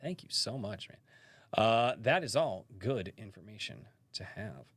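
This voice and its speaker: A man's voice: fairly low pitch, lively intonation, unhurried, fairly bright tone, no echo. A man hosting a live-stream podcast from a rural home, chatting casually and rambling with many fillers and restarts.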